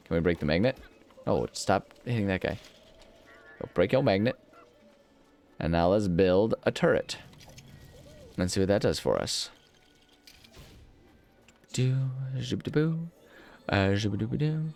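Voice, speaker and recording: A man's voice: low-pitched, expressive, a little slow, creaky, pauses often, darkish tone. Rambling, self-mocking male gaming host. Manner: rambling, self-mocking, sings nonsense syllables. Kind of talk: casual gameplay commentary.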